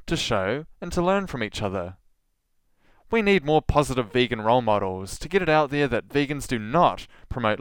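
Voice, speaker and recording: A man hosting his own podcast, talking straight into a close mic with a smooth, resonant voice. The sound is dry with no room around it, and his delivery is scripted and full of sarcastic jabs. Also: medium pitch, no room sound. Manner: sarcastic, dry mocking asides. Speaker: podcast host. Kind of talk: scripted solo podcast monologue.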